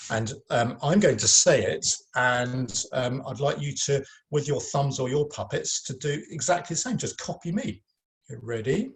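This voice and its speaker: A male teacher recording a video lesson for kids. He talks informally and encouragingly at an ordinary pitch, often pausing on um and uh as he goes. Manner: informal and encouraging, with many ums and uhs.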